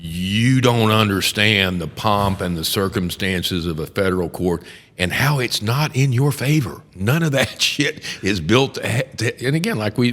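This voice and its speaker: An older man, a criminal defense attorney hosting a podcast, telling courtroom stories in a profane, animated way. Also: mid-range voice, big-room sound. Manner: profane, animated storyteller who acts out courtroom voices. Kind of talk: casual storytelling chat.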